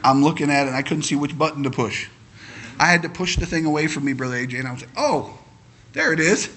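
Fervent, high bright-voiced male preacher. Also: steady tone, very fast, slight background noise. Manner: folksy storytelling, builds to fervent preaching. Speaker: pastor. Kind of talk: sermon.

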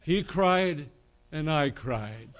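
A man's voice: on the high side, animated, very slow. A middle-aged man preaching, telling a rambling, folksy anecdote with self-amused laughs. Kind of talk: storytelling sermon.

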